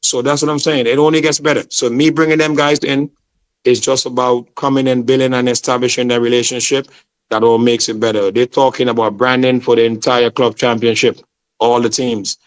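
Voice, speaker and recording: A man's voice: medium pitch, level tone, fairly quick. A man from Saint Vincent, talking passionately as an interview guest and repeating "man" and "bro". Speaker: football promoter, guest. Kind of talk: casual interview chat.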